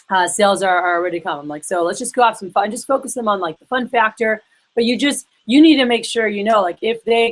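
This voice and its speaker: A woman runs a sales workshop in a loose, chatty way, her voice sitting at an ordinary middle pitch. She keeps slipping into quoted back-and-forth to act out calls with her reps, talking to a room of trainees. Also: a bit bright, rough recording. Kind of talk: casual workshop coaching.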